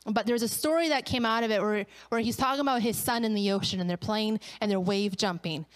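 A woman's voice: mid-range voice, fairly quick, clean tone. A woman pastor giving a sermon, telling stories animatedly and acting out the voices of the people in them. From Canada.

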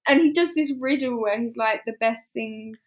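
A woman in casual chat, animated and laughing as she acts out characters' lines. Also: fairly high pitch, moderate pace, low-quality recording. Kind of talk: casual chat recapping a period drama.

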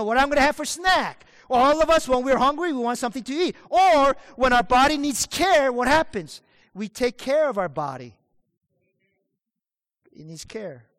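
A male pastor with a strikingly high voice delivers an emphatic sermon, leaning on single words and putting questions to his listeners. His voice sits close and dry on the mic. A long reverb hangs behind it, as in a large hall. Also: a bit bright. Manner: emphatic preaching, asks the congregation questions, stresses single words.

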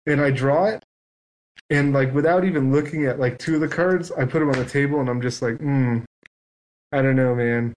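A man's voice: fairly high pitch, a little fast, slight background noise, low-quality recording. A man on a podcast telling a long story in casual chat, acting out both sides of it. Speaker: guest.

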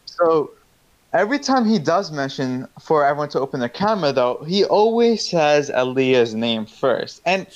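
A man's voice: on the high side, sing-song, normal speed. A young man telling a story in casual chat, rambling and profane, with slang and many restarts. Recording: dull lo-fi sound.

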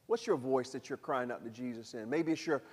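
A man preaching a sermon as pastor, animated, acting out voices and leading the congregation in prayer. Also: medium pitch, a little fast, breathy edge, in a large hall. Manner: animated preaching, acts out voices and calls the crowd to repeat.

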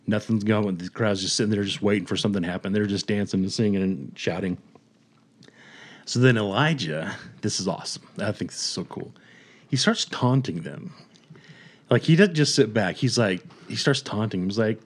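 Man, lowish voice, podcast storyteller, animated, chuckles, acts out quotes. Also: moderate pace, breathy edge. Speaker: podcast host. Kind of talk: casual storytelling chat.

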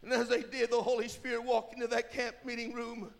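Man, revival sermon, very high voice, gravelly, hushed storytelling rising to shouts. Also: completely flat delivery, brisk. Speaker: preacher.

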